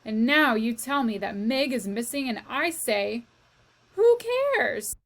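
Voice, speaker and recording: A woman reading aloud puts on a ferocious, mouse-hating castle cook from a storybook. She bellows and wails, loud and worked up, in a fairly high voice at a slow, heavy pace. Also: expressive, full character voice. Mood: aggrieved. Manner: shouting, wailing, bellowing. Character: fierce loud middle-aged female castle cook.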